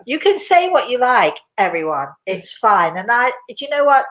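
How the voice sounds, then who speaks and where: Hosting a relaxed livestream with audience questions, this older woman from Britain talks in a rambling, chatty way and is quick to laugh. Her pitch sits on the high side, her tone is a bit bright, and she's very animated at a normal speed. Her accent is British English.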